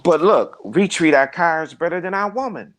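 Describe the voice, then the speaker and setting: A man with a lively, swooping voice talks in a casual chat, preaching and telling anecdotes. He acts out the voices of the people he quotes in them. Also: on the high side, normal speed. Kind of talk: casual conversation, storytelling.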